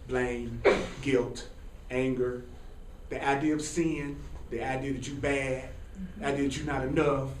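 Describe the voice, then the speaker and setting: A man teaching a live sermon to an audience, animated and repetitive, chuckling as he preaches. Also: mid-range voice, slight background noise. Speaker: spiritual teacher. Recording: echoey hall from far off.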